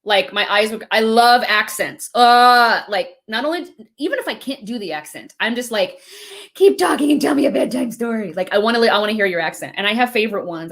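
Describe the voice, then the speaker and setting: A woman hosting a live faith devotional stream with her husband, talking in an animated way and laughing often. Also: mid-range voice. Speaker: host. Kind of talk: casual devotional chat. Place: live video stream at home.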